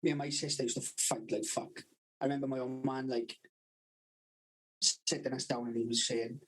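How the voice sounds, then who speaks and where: A man's voice: mid-range voice, flat delivery, moderate pace, pauses often, a bit bright, husky, rough recording. A young Welsh man with a Valleys accent, swearing constantly and laughing through his stories in casual podcast chat. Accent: South Wales Valleys. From Wales. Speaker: podcast co-host.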